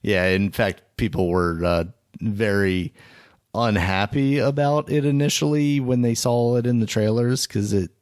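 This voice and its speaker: Low-voiced, relaxed podcast co-host. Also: male voice, unhurried. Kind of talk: casual chat.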